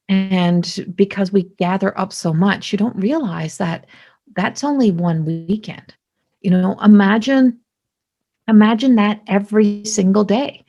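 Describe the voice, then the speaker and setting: A middle-aged woman hosting a podcast, talking in a lively, rambling way with many restarts. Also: mid-range voice, vocal fry. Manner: animated, talkative, many restarts. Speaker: podcast host; psychic medium. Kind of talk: casual spoken monologue.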